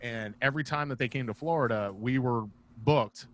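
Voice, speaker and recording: A comedian and former wrestler, appearing as a guest over a video call, tells rambling, profane stories in a casual way. His voice is mid-range and his pace moderate.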